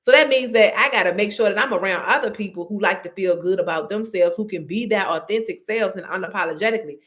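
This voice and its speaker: Woman host, lively faith pep talk that calls listeners honey and y'all. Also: medium pitch, quick pace. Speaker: podcast host.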